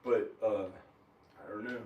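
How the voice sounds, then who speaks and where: Low-voiced man rambling in an echoey room. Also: fairly even intonation, measured pace, muffled recording, a little hiss or hum. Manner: rambling, agitated. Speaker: video maker. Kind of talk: rambling monologue. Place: at home, kitchen. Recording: echoey room, camera far from the mouth.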